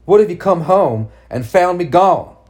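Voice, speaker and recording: A man's voice: high-pitched, expressive, a little slow, darkish tone, pitched above the performer's own voice. A man voicing a mother driven mad by grief, speaking in a cold, bitter, commanding way in a storybook reading.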